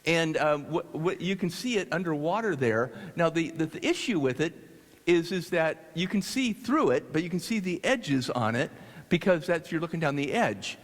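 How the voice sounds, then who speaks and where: A man from the United States telling a story to an audience, animated and halting with restarts. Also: a little high. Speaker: speaker. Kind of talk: storytelling talk. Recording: long hall reverb.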